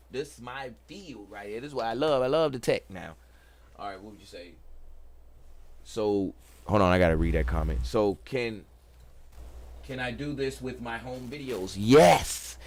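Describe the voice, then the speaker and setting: A middle-aged man hosts a casual livestream tech talk. He is excited and preachy, repeats himself and talks to the chat. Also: medium pitch. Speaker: host.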